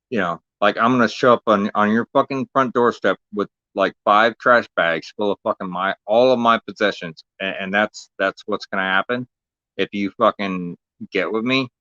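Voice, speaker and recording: Heated and foul-mouthed, this podcast host rants casually, frequently tripping over his words and starting sentences again. He has a fairly low, sharp-toned voice, and the recording is dull, dry, and lo-fi.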